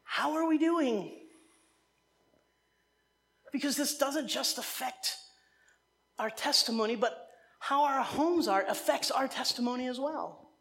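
A woman from New Jersey gives a sermon in a chatty, animated way. She wanders into humorous side stories and then finds her way back to the text. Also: sits high, takes it slowly, long pauses. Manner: animated, conversational, digressive with humor. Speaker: preacher.

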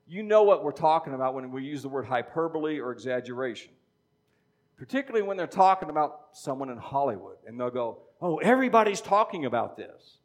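A man's voice: mid-range voice, darkish tone. A middle-aged man preaching a sermon in a conversational teaching style, often checking in with "okay?". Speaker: pastor.

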